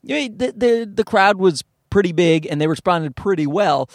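A man's voice: sits high, expressive, moderate pace, no echo. Self-deprecating man rambling into a dry mic. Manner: rambling and self-deprecating, slipping into mock voices. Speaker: stand-up comedian and podcast host. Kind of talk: casual solo podcast monologue. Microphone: studio mic through a field recorder.

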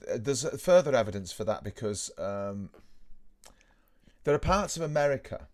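A man's voice: medium pitch, very animated, normal speed, darkish tone. A man co-hosting a casual podcast chat, musing aloud in a rambling way.

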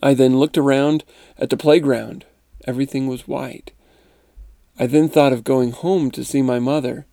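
A man with a low, mellow voice and a gravelly edge reads a first-person account slowly and steadily. He then shifts into easygoing host commentary. He is recorded close and dry, with no room sound. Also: no room sound. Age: adult parent. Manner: calm, measured reading; chuckling, conversational commentary. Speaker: narrator and podcast host.

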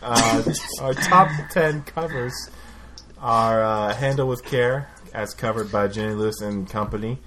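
A man's voice: mid-range voice, unhurried. A man hosting a casual podcast, joking and swearing as he reads out a countdown of cover songs. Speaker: podcast host. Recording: noisy home podcast recording.

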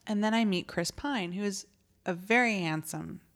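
Guest actress, a woman with a mid-range voice, lively storyteller who laughs mid-sentence. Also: medium pitch, moderate pace. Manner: animated storyteller, laughs while talking. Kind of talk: casual anecdote.

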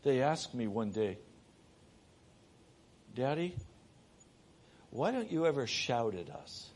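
A middle-aged man preaching a sermon, moving between raised, urgent delivery and hushed, soft passages. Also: mid-range voice, very animated, takes it slowly.

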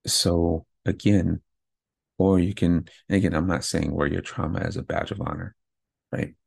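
A man's voice: sits low, steady tone, moderate pace, gravelly, darkish tone, husky, no room sound. A man hosting a podcast, a father, giving a candid, pumped-up motivational monologue that often ends thoughts with "right?". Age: adult with kids. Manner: candid, pumped-up self-talk with frequent "right?". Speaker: podcast host.

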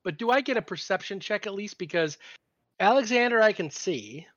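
A man's voice: high-pitched, expressive, fairly quick. A man playing a tabletop game, arguing the rules with the game master in a laid-back way. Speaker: player. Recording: dull, dry voice-chat mic.

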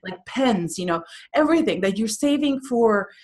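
A woman coach talking as a guest on a podcast interview, energetic and acting out the voices she quotes. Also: on the high side, normal speed, a little hiss or hum.

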